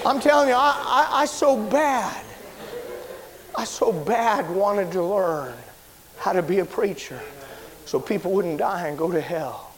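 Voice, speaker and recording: A man preaching, telling a personal story in a sermon, animated and shouting at the big moments. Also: unhurried. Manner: animated storyteller, shouts at high points, drops low and quiet when somber.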